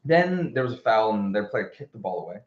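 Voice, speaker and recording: Casual male podcast host, lowish voice, animated and profane storyteller; roomy, dull recording. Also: a little fast. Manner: animated storytelling with frequent restarts and swearing. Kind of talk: casual chat.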